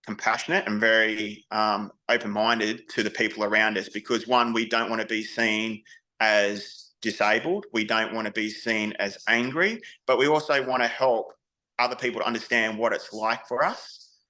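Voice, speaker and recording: A man's voice: on the low side, fairly even intonation, normal speed, sharp tone, poor audio. An Australian man, a veteran guest on an interview podcast, speaking candidly in casual storytelling with frequent restarts.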